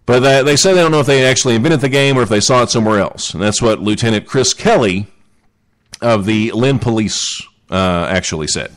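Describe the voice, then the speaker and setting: A man's voice: medium pitch, a little fast. A man hosting a comedic show, rambling jokily through odd news stories and asking his listeners questions. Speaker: radio show host.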